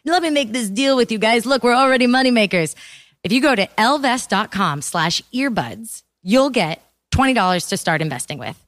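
A woman's voice: on the high side, lively intonation, brisk, a bit bright, dry recording. A woman hosting a podcast, interviewing a guest in an upbeat, encouraging, casual way. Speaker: podcast host.

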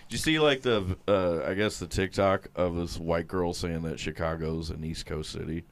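A man's voice: low voice, normal speed. A man co-hosting a podcast, chatting casually about baseball in a crude, joking way. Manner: crude, joking banter, swearing. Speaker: podcast co-host. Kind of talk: casual sports chat.

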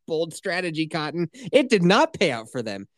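A man's voice: a little high, big pitch swings, moderate pace, no echo. A man co-hosting a casual podcast, cursing freely, talking sarcastically and acting out mocking voices. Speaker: podcast co-host.

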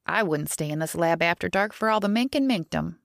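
A woman's voice: lowish voice, lively intonation, creaky, no room sound, clean studio sound. A woman voicing a nervous, chatty female lab worker who gossips and snaps, in a storybook reading. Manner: jittery, gossipy, quick to snap.

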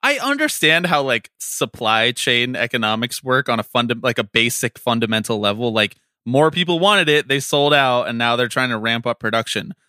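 A man co-hosting a casual sports chat, ranting in an animated way, swearing and laughing often. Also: medium pitch, moderate pace, hardly any pauses, no room sound, studio quality. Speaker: podcast co-host.

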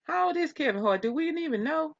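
A woman's voice: high-pitched, lively intonation, brisk, creaky, no room sound, lo-fi sound. A woman co-hosting a casual gossip chat, rambling and laughing often with many restarts. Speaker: podcast co-host.

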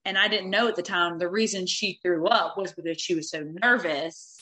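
A woman in her thirties telling a personal story candidly, animated and swearing freely, acting out what people said. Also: fairly low pitch, moderate pace, rough recording. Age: 30s.

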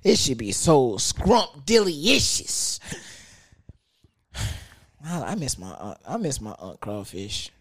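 A man's voice: mid-range voice, very animated, takes it slowly, pauses often, breathy edge, no echo. A young man telling a profane, slang-heavy story rant.

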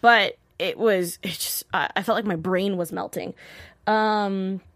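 A woman hosting a casual TV episode recap, chatty and animated, often acting out characters' lines. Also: mid-range voice, a little slow, no room sound, clean studio sound. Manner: chatty, peppered with "like". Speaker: host.

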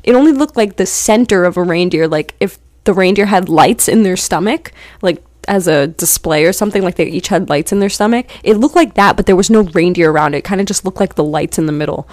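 A young woman hosting a podcast, telling a story casually, rambling and saying "like" all the time, getting animated when she quotes herself. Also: lowish voice, a little fast, few pauses, no echo. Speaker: podcast host.

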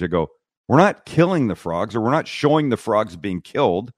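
Brisk and fairly low-pitched, the guest is a middle-aged man known for hosting cooking shows on TV and YouTube. He tells blunt stories in a casual podcast interview, playing out each character's lines. Recorded in a studio on a studio mic, the sound has no echo.

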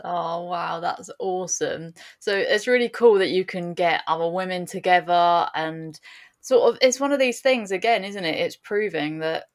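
A woman's voice: lowish voice, normal speed. A woman hosting a casual interview podcast, agreeable and laughing along with her guest. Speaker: podcast host.

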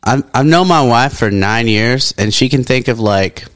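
A man's voice: mid-range voice, moderate pace, a bit bright. A man co-hosting a podcast, talking in an easygoing, matter-of-fact way. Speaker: podcast co-host. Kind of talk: casual chat.

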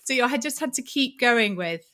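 Bright-voiced enthusiastic woman host. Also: a little high, brisk. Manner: enthusiastic, animated storytelling. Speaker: podcast host. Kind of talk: casual interview chat.

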